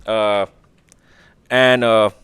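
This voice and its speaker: A man hosting a casual history podcast, opinionated and profane, briefly acting out quick voices. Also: on the low side, level tone, fairly bright tone, smooth, no echo, clean studio sound. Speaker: podcast host.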